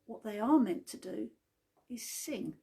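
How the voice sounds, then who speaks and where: Woman, devotional talk, chatty storytelling, slow, husky, gravelly. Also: a little high, expressive, mellow.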